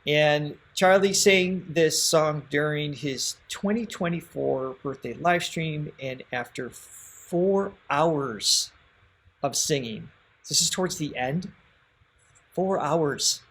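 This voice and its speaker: A man's voice: on the high side, slow pace, fairly bright tone, a little hiss or hum. A man co-hosting a song reaction livestream, chatting casually, laughing often and thanking viewers by name.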